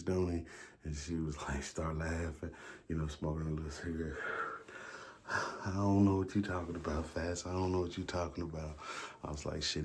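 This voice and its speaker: A man's voice: deep voice, a little mellow, slight background noise. A man telling a story in a loose, casual way, swearing freely and acting out the back-and-forth of conversations. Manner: loose, profane retelling full of quoted back-and-forth.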